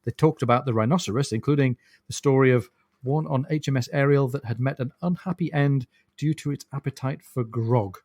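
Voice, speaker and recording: A man's voice: mid-range voice, a little fast, darkish tone, no echo, clean studio sound. A man co-hosting a podcast, chatting thoughtfully about a novel and laughing now and then. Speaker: podcast co-host. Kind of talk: casual book discussion.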